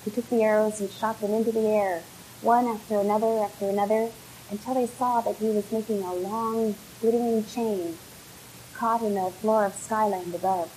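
A woman telling a folk tale live with gentle, unhurried narration, then answering questions. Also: mid-range voice, steady tone, slight background noise, poor audio. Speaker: storyteller.

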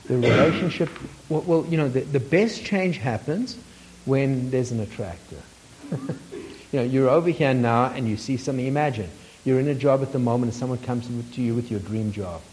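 A man's voice: mid-range voice, normal speed, background noise. A man leading a workshop, telling a story to the group, asking them questions and chuckling often. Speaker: workshop facilitator.

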